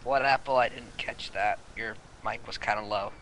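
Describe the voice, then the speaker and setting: A man's voice: fairly low pitch, steady tone, moderate pace, a bit bright, a little hiss or hum, low-quality recording. A man joking casually through a game playthrough, full of quips. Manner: jokey, quips and mock voices. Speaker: let's play co-host.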